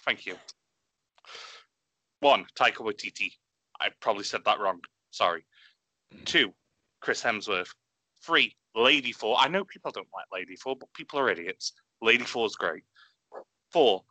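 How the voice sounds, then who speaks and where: A man chatting excitedly on a podcast, swearing freely and gushing about films. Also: on the low side, moderate pace, pauses often, no room sound. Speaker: podcast co-host. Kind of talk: enthusiastic casual chat.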